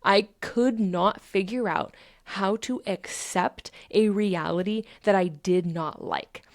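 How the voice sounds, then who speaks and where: A woman's voice: mid-range voice, slow pace, no room sound, clean studio sound. Candid, swearing woman podcaster. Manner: candid, swears freely, emphatic repetition. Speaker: podcast host. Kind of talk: self-help podcast monologue.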